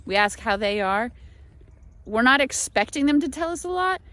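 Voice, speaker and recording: A young American woman chatting casually to camera from her small apartment, animated and a little exasperated. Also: sits high, moderate pace, no room sound. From United States. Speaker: vlogger.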